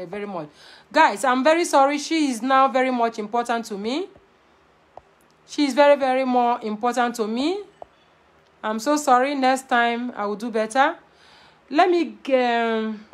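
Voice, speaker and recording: Blunt high-voiced woman with a Nigerian Pidgin accent. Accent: Nigerian Pidgin English. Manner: blunt, animated, switching between Pidgin and English. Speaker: vlogger giving marriage advice. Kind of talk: casual to-camera talk.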